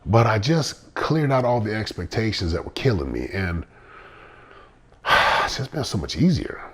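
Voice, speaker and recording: Earnest low-voiced man, husky tone. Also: sing-song, unhurried, fairly bright tone. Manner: earnest, repeats phrases for emphasis. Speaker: podcast host. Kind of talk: motivational podcast monologue.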